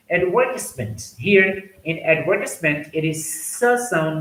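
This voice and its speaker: A man teaching English pronunciation, slowly repeating example words one by one. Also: on the high side, expressive, a bit bright, roomy sound, rough recording. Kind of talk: pronunciation lesson.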